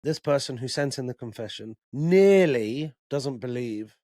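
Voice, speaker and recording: A man's voice: medium pitch, lively intonation, measured pace, warm tone, dry recording, studio quality. A man co-hosting a podcast, chatting casually and bluntly, swearing freely. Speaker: podcast co-host. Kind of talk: casual chat.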